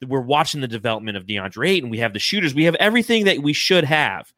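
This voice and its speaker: Podcast host, male, bright forceful voice, excited and profane, dry close mic. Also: medium pitch, fast, no room sound. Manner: excited, swears freely, reads donations aloud. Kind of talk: casual fan podcast chat.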